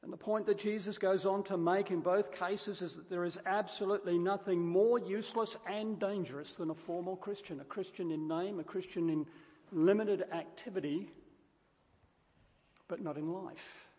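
A man with a notably high-pitched voice delivers a sermon, pressing each point with emphatic repetition and frequent stumbling restarts. His voice rings out with a long reverb tail, as if in a large hall. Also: steady tone, moderate pace, a little mellow. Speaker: preacher.

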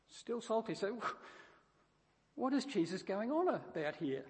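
This sermon comes from a man whose voice is notably high-pitched; he presses every point by repeating it emphatically and often trips into restarts. His words ring out with a long reverb tail, like in a large hall.

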